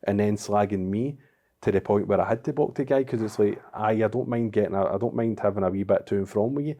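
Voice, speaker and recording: Glaswegian man, lower voice, warm dark tone, quick lively storyteller, casual podcast guest. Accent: Glaswegian Scottish. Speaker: guest, kitchen wrap business owner.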